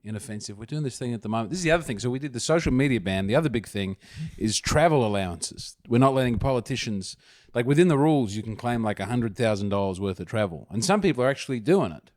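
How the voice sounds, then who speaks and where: A man's voice: mid-range voice, expressive, quick pace, a little mellow, dry recording. An Australian man, a podcast guest, giving opinionated, rambling takes in casual banter.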